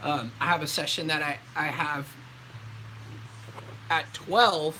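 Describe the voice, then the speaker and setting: A man's voice: fairly high pitch, steady tone, slow pace, noisy background. A man in his twenties, a voice actor, chatting casually on a live stream and answering viewer questions in a laid-back way.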